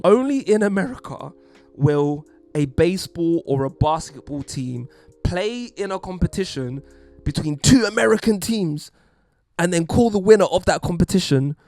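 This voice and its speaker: A man's voice: a little high, darkish tone, no echo, studio quality. A man hosting a podcast, giving an emphatic, wry opinion monologue. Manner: wry, emphatic, puts on mock voices. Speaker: podcast host.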